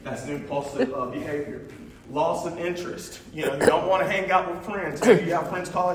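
Speaking briskly in a slightly high voice with fairly level intonation, this male presenter gives a relaxed, conversational slide talk full of fillers and laughs, while a crowd can be heard behind him. The recording comes from far off in a big, reverberant room with slight noise.

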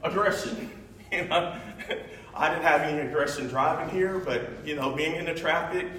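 A man with a slightly high, sharp voice talks at a normal pace while presenting slides, keeping it casual and chatty with lots of fillers and frequent laughter. He's recorded from a distance in a large, echoey room with faint noise.

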